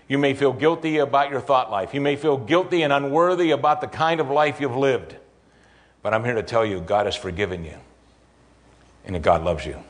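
A man preaching a sermon as a pastor, earnest and emphatic, building repeated phrases and then closing in prayer. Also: on the low side.

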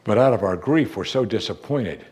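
A man preaching a sermon, reading a passage and explaining it to his congregation. He asks rhetorical questions and drops low and quiet to stress key moments. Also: expressive, normal speed. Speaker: pastor.

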